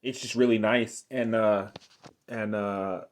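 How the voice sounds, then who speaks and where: A man's voice: on the low side, fairly even intonation, takes it slowly. A young man giving an unscripted cartoon episode review, rambling and enthusiastic with lots of fillers.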